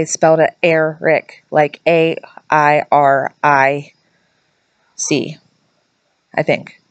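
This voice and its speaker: A woman's voice: lowish voice, no room sound. A woman vlogger casually telling a ghost story, chatty and rambling, often correcting herself mid-sentence.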